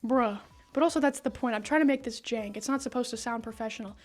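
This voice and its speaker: A woman's voice: fairly high pitch, fast talker. A woman casually recapping a story for her video, slangy and profane, talking into a broken microphone in a room. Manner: slangy and profane, says bruh and brother. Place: indoor room with a whiteboard.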